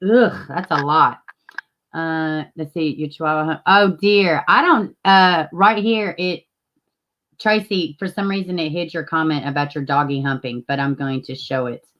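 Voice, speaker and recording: A woman's voice: deep voice, unhurried, dull audio. A woman, casually chatting with viewers as a livestream host and greeting them by name. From Tennessee, US.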